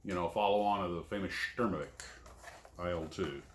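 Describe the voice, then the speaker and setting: Low-voiced man rambling over model kits. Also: fairly quick. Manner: rambling, self-deprecating asides. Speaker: scale model kit reviewer. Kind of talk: casual unboxing commentary. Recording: echoey room, faint noise.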